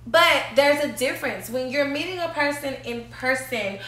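A woman's voice: sits high, lively intonation, normal speed, pushed and bright, echoey room. A woman guest in a casual chat, insistent and repeating herself as she argues her point.

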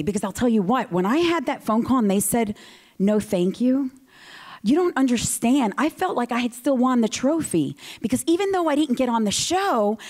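High-voiced woman telling her story. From United States. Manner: storytelling, animated, acts out dialogue. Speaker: guest speaker. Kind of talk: motivational speech. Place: ceremony hall.

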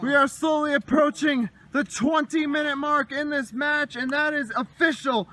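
A male wrestling commentator calls the action play by play. His voice sits very high and rings bright and forceful. He drops into low, dismayed mutters between big shouted calls. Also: normal speed. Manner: swings from hushed, dismayed muttering to shouted excitement.

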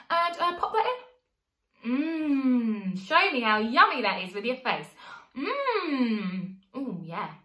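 A young woman teaching a playful vocal warm-up, coaxing children along and singing the phrases herself. Her voice sits high and sounds bright and sharp. The sound carries the echo of an echoey room. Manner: playful, encouraging, sings along to demonstrate. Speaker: vocal coach.

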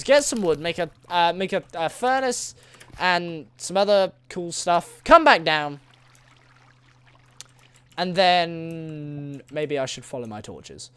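Lively, playful man narrating his gameplay. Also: fairly high pitch, smooth. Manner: playful, rambling, talks to game creatures, bursts of excitement. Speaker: gaming video host. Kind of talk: casual solo gameplay commentary.

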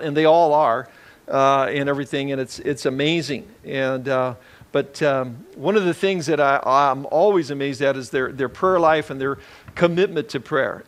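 A man preaching a conversational sermon as a pastor, relaxed and rambling, with many fillers and restarts. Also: fairly high pitch.

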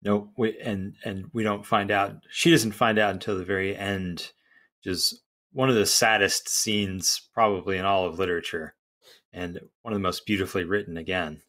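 A man co-hosting a podcast, explaining a play in a thoughtful, measured way with some restarts. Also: deep voice, steady tone, fairly bright tone. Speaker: podcast co-host. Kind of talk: casual conversation about literature.

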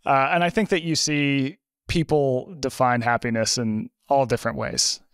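A man in a conversational podcast interview, a lively storyteller who talks with plenty of fillers. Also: mid-range voice, normal speed, clean tone, no echo, studio quality. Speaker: podcast guest, author.

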